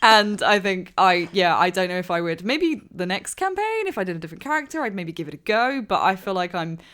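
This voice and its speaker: A woman's voice: mid-range voice, sing-song, brisk, fairly bright tone. A woman playing on a tabletop podcast, chatting casually and laughing often.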